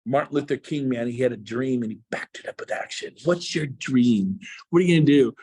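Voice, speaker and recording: A man's voice: mid-range voice, fairly quick, a little mellow, slightly rough. A man, a real estate coach, giving an emphatic motivational speech to agents and firing rhetorical questions at them. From Texas.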